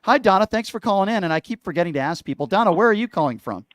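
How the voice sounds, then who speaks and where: A man's voice: sits high, animated, rapid-fire, no room sound, clean studio sound. A man hosting a call-in radio talk show, emphatic and opinionated, often talking over his callers.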